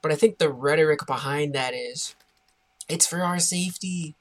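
Man, American, podcast co-host, casual chat, wry joking banter, slightly high voice. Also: normal speed, a bit bright.

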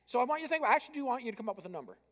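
A male pastor preaching with a high voice, his words carrying through a large church hall with long reverb. He talks conversationally, asks the congregation direct questions and admits his own weak spots. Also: very animated, rapid-fire, fairly bright tone. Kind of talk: sermon.

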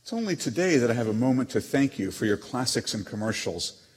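An actor reading letters as a proud, witty émigré novelist, with a haughty, dryly teasing manner. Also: male voice, mid-range voice, big pitch swings, fairly quick, breathy edge. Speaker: letter reader. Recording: long hall reverb.

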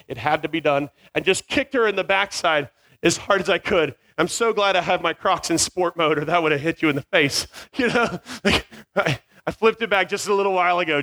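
A man telling a funny story to an audience, animated and self-mocking, acting out sounds, with a small mic near his beard. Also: high-pitched.

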